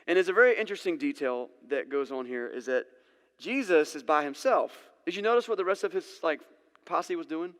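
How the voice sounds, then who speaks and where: Laid-back man preaching to a congregation; fairly high voice, loose storytelling, reverberant church hall. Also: lively intonation, a little fast, a bit bright. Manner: casual, conversational, acts out scenes. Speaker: pastor. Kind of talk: sermon. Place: church sanctuary.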